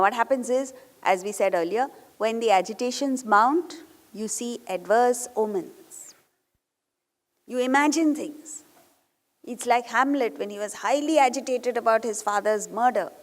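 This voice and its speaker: A woman's voice: a little high, measured pace, in a large hall. A woman giving a spiritual discourse, telling stories and putting questions to her audience. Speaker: spiritual teacher.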